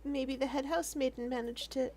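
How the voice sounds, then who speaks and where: A woman voicing a gentle, worried young woman in a video game, talking softly and anxiously. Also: high-pitched, fairly even intonation, fairly quick, music in the background, close to an everyday voice. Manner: soft, anxious.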